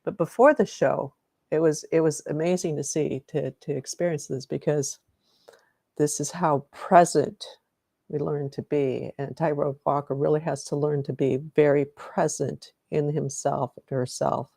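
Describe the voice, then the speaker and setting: A middle-aged woman leads a guided meditation on a live stream, her voice low and gravelly. She rambles and restarts her sentences, greeting viewers by name along the way. The sound is dry and close, with no room around it. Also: fairly even intonation, measured pace, mellow, no room sound. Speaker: energy healing meditation host.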